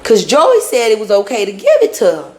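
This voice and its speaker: Her mid-range voice swoops wildly in pitch as she talks fairly quickly through a casual reality show recap. Recorded in an echoey space, she reenacts what everyone said on both sides and occasionally sings.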